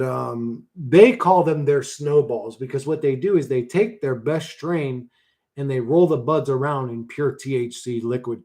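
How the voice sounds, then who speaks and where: On a livestream, a man in his forties talks casually at a medium pitch, using slang and profanity. Laughter comes often, and he veers between mumbling and loud bursts.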